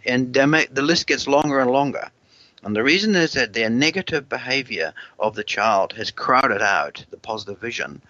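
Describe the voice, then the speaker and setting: A man with a bright, forceful voice explains parenting strategies in an interview. He often doubles his words as he thinks and slips into the voice of a parent talking to a child. The recording is dry and a little muffled. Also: medium pitch, no room sound. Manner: repeats words while thinking, acts out what a parent might say. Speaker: parenting expert guest.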